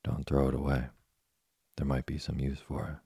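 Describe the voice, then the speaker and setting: A man voicing a patient, kind old woodcarver father in a storybook reading, calm and gently lecturing. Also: rumbling low, normal speed, vocal fry, slightly rough, no echo, clean studio sound, exaggerated voice. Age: older.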